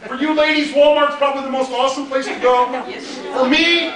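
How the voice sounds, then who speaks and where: A man's voice: very high voice, fairly even intonation, a little fast, fairly bright tone, far from the mic. A Midwestern American man, a pastor, telling a funny story in a sermon with lots of laughter. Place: church hall in a mall. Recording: very echoey hall from afar.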